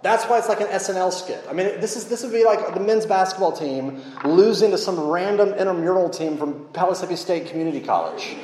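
A fairly high-voiced man preaches with lively, joking energy, talking to the room casually, like he is chatting with them. His voice rings out in a large hall with a long, echoing reverb. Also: a little fast. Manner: animated, humorous, conversational. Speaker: pastor. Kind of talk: sermon.

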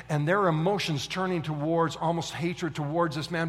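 A male pastor preaching with dramatic storytelling, his somewhat high voice rising to excited peaks and dropping to hushed intensity. The sound carries the long reverb of a large church hall. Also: a little fast, few pauses. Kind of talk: sermon.

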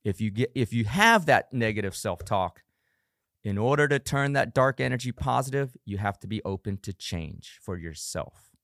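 This solo motivational podcast is hosted by a middle-aged coach and father whose medium-pitched, fairly bright voice moves at a moderate pace with lively intonation. The studio-quality recording has no room sound, and he talks earnestly, breaking into emphatic bursts of harsh self-talk.

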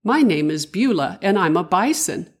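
A woman's voice: on the low side, very animated, moderate pace, breathy edge. An older woman voicing a sweet, polite female bison in a children's story. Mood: cheerful.

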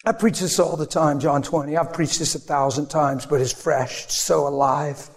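An animated male pastor preaching a sermon with a high voice, acting out the people he quotes. The sound carries a long reverb as in a hall. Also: normal speed.

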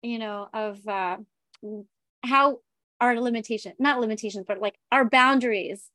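A woman's voice: fairly high pitch, normal speed, sharp tone, no room sound. A woman co-hosting a podcast in casual chat, talking in a loose, chatty way with many fillers. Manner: chatty, lots of fillers like "like" and "right". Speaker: podcast co-host.

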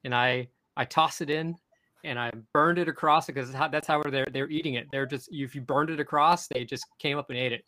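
Bright-voiced excitable male fishing host. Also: on the high side, a little fast, no room sound, rough recording. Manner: excited, rambling, with frequent restarts. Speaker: podcast host. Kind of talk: casual storytelling chat.

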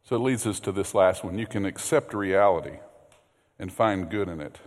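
A man preaching a sermon as pastor, earnest, repeating words, swinging from loud emphasis to hushed low passages. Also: moderate pace. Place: church sanctuary. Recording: long hall reverb.

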